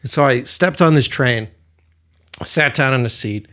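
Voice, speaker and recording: A man co-hosting a podcast, telling a personal story in a loose, animated way and swearing freely. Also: medium pitch, measured pace. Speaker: podcast co-host. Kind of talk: casual storytelling chat.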